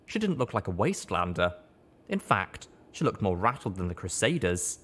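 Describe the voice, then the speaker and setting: A man reads a first-person story aloud as an audiobook narrator. His delivery is steady and measured, with a low, deep voice.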